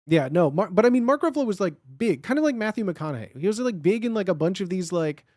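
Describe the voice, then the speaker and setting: A man with a fairly high speaking voice chats casually on a stream. He rambles, stacking up filler words. The sound is dry and close. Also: a little mellow, no echo. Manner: rambling, with lots of filler words, and quick laughs. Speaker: guest on a livestream. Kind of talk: casual chat.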